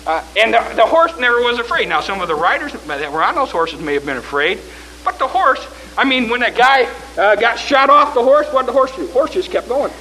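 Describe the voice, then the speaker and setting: A man preaching a fervent sermon, swinging from shouts to hushed tones. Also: very high voice, big pitch swings, brisk, a little hiss or hum, poor audio.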